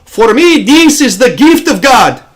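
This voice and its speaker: A man's voice: very high-pitched, big pitch swings, unhurried, pitched above the performer's own voice, full character voice. A man imitating an earnest male trading instructor with an Egyptian accent, drawing out his phrases with emphasis. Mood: enthusiastic.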